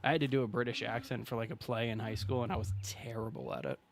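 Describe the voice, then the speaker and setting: A man's voice: mid-range voice, steady tone, fast talker, vocal fry, slight background noise. A man streaming a survival game, chatting casually with viewers and thanking them while he plays. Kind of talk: casual live-stream commentary.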